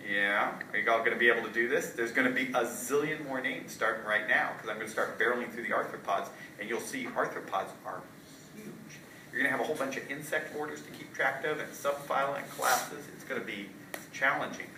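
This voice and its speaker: A man's voice: mid-range voice, brisk. A man giving a casual college zoology lecture, quizzing students and often checking with "right?". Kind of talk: classroom lecture. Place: lecture hall. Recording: roomy lecture hall from far off, light noise.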